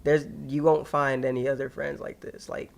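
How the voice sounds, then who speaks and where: Gravelly young man, slangy casual chat. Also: on the high side, moderate pace. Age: young adult. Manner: slangy, laughing, animated storytelling. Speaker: podcast co-host.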